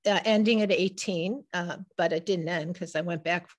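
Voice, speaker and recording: A woman's voice: fairly low pitch, moderate pace. A woman in her sixties with a Chicago accent, an author telling stories in a casual interview at a synagogue, often restarting her sentences as she goes. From Chicago area, USA. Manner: animated, digressive storyteller who often restarts sentences. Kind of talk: casual conversational storytelling.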